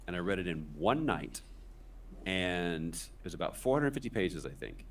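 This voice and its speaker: A man's voice: deep voice, lively intonation, unhurried, far from the mic. A man in his forties, a podcast guest, telling a rambling, self-deprecating story in casual conversation.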